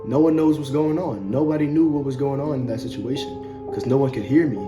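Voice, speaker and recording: A man's voice: medium pitch, fairly quick. A young man telling a personal story to his viewers in a loose, conversational way, with many fillers and repeated words. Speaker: vlogger. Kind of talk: casual storytelling to camera. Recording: music playing underneath.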